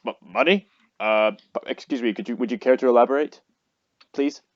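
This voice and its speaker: A man's voice: medium pitch, moderate pace, no echo. A man playing a tabletop game, hesitant and stammering, with stiff, formal phrasing. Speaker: player. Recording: dull lo-fi dry recording.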